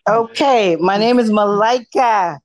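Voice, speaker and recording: A woman's voice: mid-range voice, slow, darkish tone, dry recording. A woman calling in to a video call podcast, speaking fervently like a preacher giving blessings. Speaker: caller, friend. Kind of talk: casual chat on a video call.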